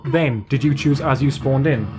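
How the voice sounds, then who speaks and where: A man's voice: mid-range voice, moderate pace, noisy background. A British man co-hosting a podcast, chatting and joking in a playful, sweary way while playing retro games. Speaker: podcast co-host. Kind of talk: casual gaming chat.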